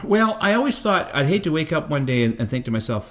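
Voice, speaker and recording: Speaking at a quick pace with big pitch swings in a voice on the high side, this Canadian musician in his fifties tells rambling stories in a casual interview, swearing freely as a guest.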